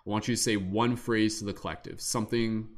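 A man hosting a livestream, leading a slow, gentle guided meditation. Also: lowish voice, fairly even intonation. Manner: slow, soothing, gentle guiding. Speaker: meditation leader and show host.

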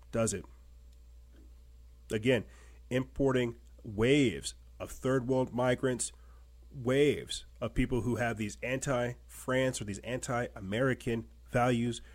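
A man with a mid-range voice hosts a commentary show, reading articles aloud. He punctuates them with pointed rhetorical questions. He drives his points home by repeating himself. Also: medium pitch. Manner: emphatic, repetitive rhetorical questions.

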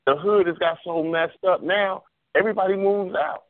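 Man with a somewhat high voice on a phone line. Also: steady tone, moderate pace, gravelly, dry recording. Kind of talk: casual podcast chat. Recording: tinny phone-line sound, dry.

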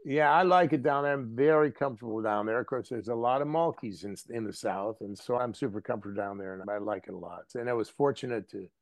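A man from the American Midwest, an actor and guest, telling anecdotes in a casual interview in an animated way. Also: medium pitch, fast talker, hardly any pauses, dry recording. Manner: animated, anecdotal, drops into acted voices.

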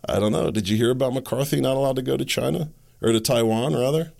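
A man hosting an opinion podcast, talking in an agitated, sarcastic rant full of rhetorical questions and halting restarts. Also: mid-range voice, gravelly, darkish tone. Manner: agitated, ranting with sarcastic laughs. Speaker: podcast host.

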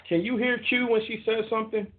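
A man's voice: high voice, level tone, fast talker, a little hiss or hum. A man hosting a casual call-in show from home, talking loosely and directly to his listeners over a phone. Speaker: host. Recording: tinny phone-line sound.

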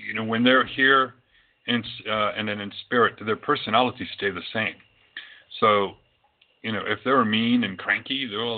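A man who works as a psychic medium, telling his own experiences in a loose, rambling way with many fillers. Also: on the low side. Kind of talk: casual storytelling talk. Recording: tinny phone-like audio.

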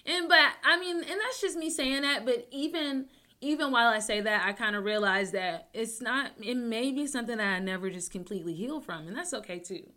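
A young adult woman hosting her own talk show, rambling with many restarts, joking to deflect, swinging between loud bursts and soft mumbles. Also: a little high, fairly quick. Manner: rambling, self-interrupting, jokes to deflect. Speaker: podcast host. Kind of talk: casual personal talk show.

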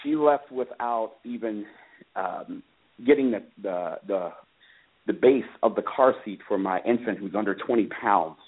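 A man calling in to a radio show, telling his own story in an earnest, halting way with many fillers. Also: lowish voice. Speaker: father calling in about his case. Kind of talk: personal account on a call-in radio show. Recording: tinny phone line.

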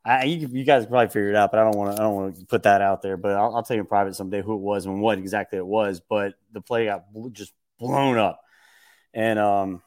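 Animated man telling stories. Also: fairly low pitch, quick pace, no room sound, clean studio sound. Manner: lively, acts out quotes with raised voice, laughs often. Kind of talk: casual podcast storytelling.

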